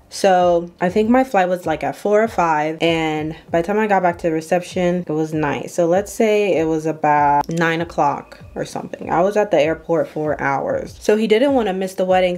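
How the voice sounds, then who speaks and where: A young woman from Ohio telling an animated story while getting ready, acting out what other people said. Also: fairly low pitch. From Ohio, USA. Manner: animated storytelling, acts out quoted voices. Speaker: makeup artist vlogger.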